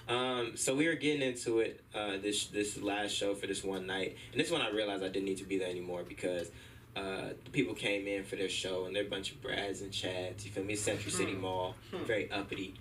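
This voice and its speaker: Young male stand-up comic, bright and animated, heard from a distant mic in a club with faint noise. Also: fairly low pitch. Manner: animated storytelling, acting out voices. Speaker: stand-up comedian. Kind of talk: stand-up set at an open mic. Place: comedy club stage.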